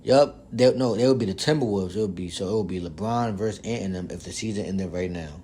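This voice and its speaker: Animated young man, casual sports podcast. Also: sits low, quick pace, a little hiss or hum. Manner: animated, swings from loud pleading to muttering, heavy profanity. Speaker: podcast host.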